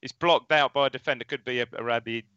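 A man's voice: mid-range voice, steady tone, quick pace, pushed and bright, clean tone, no echo, dull audio. A man co-hosting a football podcast, casually breaking down a goal with frequent laughs and restarts. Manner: chatty, laughs often, restarts sentences. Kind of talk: casual match analysis chat.

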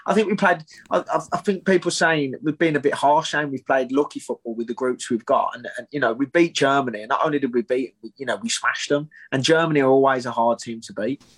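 A man's voice: medium pitch, brisk, few pauses, slightly rough. A man, a guest on a football podcast, earnest and repeating words as he thinks. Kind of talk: casual chat, giving opinions.

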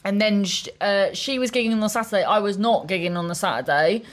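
A woman comedian telling stories on a podcast in a quick, tumbling way, cutting herself off and restarting, laughing often. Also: medium pitch. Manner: quick, self-interrupting storyteller with frequent laughs. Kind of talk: casual chat.

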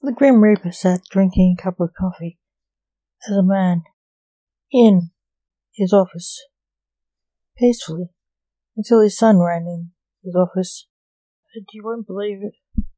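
A woman author reading her own gothic story aloud in a calm, measured way, close to a dry mic. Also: on the low side, no echo, poor audio. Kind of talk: audiobook story narration.

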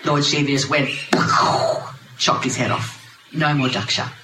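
Wry, animated storyteller. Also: medium pitch, normal speed, loud music behind the voice. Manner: animated, wry, laughing asides. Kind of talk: lively spiritual storytelling to a group. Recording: roomy, noisy ambience.

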